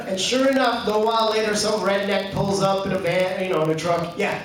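A Canadian man with a high voice tells deadpan stand-up stories. He sounds far from the mic, and a club's strong echo and audience noise sit under every word. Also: fast talker, few pauses. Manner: deadpan storytelling with acted quotes. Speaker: stand-up comedian. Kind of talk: stand-up comedy set. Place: comedy club stage. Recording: echoey club, distant mic, audience noise. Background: audience laughter.

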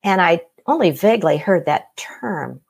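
A woman's voice: on the low side, expressive, a little slow, creaky, slightly rough. A middle-aged woman casually telling her own story, acting out the voices of the people in it. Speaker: guest telling her near-death experience.

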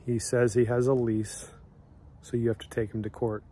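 A man's voice: medium pitch, flat delivery, normal speed, warm tone, slight background noise, lightly acted. A man voicing a polite police officer. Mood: apologetic. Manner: polite, firm, apologetic. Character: apologetic male police officer.

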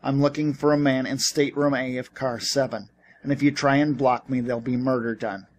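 A man's voice: medium pitch, steady tone, fairly quick, a little hiss or hum, close to an everyday voice. A man reading as a one-armed war veteran, stubborn and insistent, pleading and pushing in a plain mid-range voice. It comes from a storybook reading. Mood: furious.

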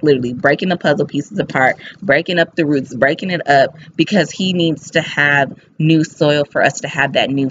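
A woman giving a casual devotional talk as a faith vlogger. She talks in an excited, fast and lively way. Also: low-pitched. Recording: slightly dull with faint hiss.

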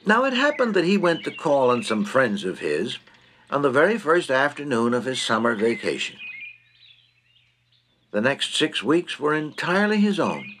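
A man narrating a humorous story in a wry, expressive way. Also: medium pitch, moderate pace, slight background noise.

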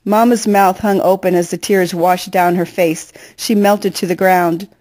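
A woman's voice: fairly low pitch, fairly even intonation, unhurried, darkish tone. A woman reading a novel aloud, narrating steadily in the first person. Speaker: reader. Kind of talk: audiobook narration.

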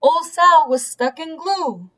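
Slow gentle woman reading a bedtime story. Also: extremely high pitch. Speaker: storybook reader. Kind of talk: bedtime story read aloud.

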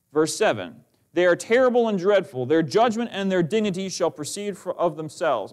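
Fervent preacher man, high voice. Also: a little mellow. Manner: fervent preaching, reads King James verses aloud. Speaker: pastor. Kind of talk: sermon. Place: church sanctuary.

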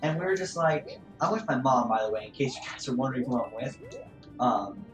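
Animated and brisk, this mid-range voice belongs to a streamer recounting something that happened at a store. He wanders off track, leaning heavily on filler words and "man," while game music sounds in an echoey space.

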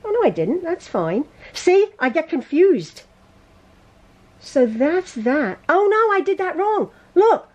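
A woman teaching a quilting lesson in her home sewing room, chatty and quick to laugh at and correct her own mistakes. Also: very high voice, sing-song, a little mellow. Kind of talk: casual sewing tutorial.

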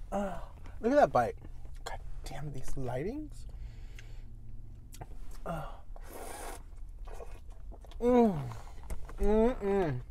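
A woman's voice: medium pitch, big pitch swings, extremely slow, long pauses, warm tone, slight background noise. A woman food vlogger eating on camera, casually chatting with her mouth full while she chews, with playful, teasing asides to viewers. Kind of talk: eating vlog with casual chat.

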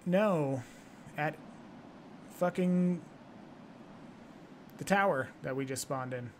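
A man with a fairly high voice chats with a friend while gaming, blunt and quick to swear in exasperation. He comes through a voice chat mic with a faint hiss behind him. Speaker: gamer in voice chat.

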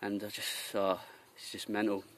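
A young man from Jersey with a slightly low voice vents in a rambling vlog rant. He sounds fed up and keeps drifting into mimicking others as he piles on complaints. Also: completely flat delivery, moderate pace, a bit bright. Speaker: vlogger. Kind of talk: ranting review vlog.

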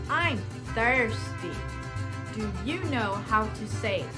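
A woman teaching toddlers simple words in a slow, sing-song way, repeating each word and asking little questions. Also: fairly high pitch, lively intonation. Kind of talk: toddler language lesson. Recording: music playing under voice.

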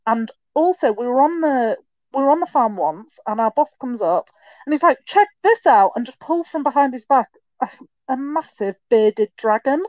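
Young woman, lively storyteller, higher voice, dry dull recording. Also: no echo. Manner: chatty storyteller, quick asides and restarts. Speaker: podcast guest. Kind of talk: casual chat.

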